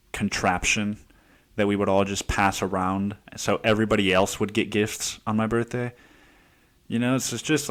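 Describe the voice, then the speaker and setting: A young man hosting a solo podcast, telling stories in a rambling, profane way with many restarts. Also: lowish voice. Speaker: podcast host. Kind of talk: casual solo monologue.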